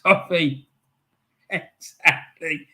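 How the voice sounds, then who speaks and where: A man's voice: fairly high pitch, very slow, sharp tone. A man from England hosting a live fan stream, chatting casually as he reads out viewer comments, laughing often and repeating phrases for emphasis.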